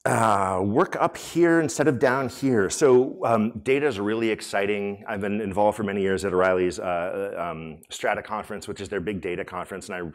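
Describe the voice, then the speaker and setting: Deep-voiced man giving a conference talk. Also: moderate pace, hardly any pauses. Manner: conversational, many fillers and restarts, polls the audience. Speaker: conference speaker and room host. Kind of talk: conference talk to a live audience. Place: conference hall.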